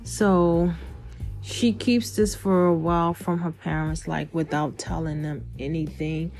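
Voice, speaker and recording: A woman hosting a podcast recommends books in a casual, chatty way, using lots of fillers and spelling out names. Her voice sits low with a steady tone, a slightly slow pace, vocal fry and some mellowness, but it's dry and fading from too much talking. Soft music plays in the background.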